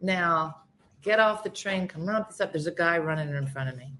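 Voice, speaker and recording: Bright-voiced woman telling a funny story. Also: fairly low pitch, brisk. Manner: animated, acts out quoted people. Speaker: guest. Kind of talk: casual comic storytelling.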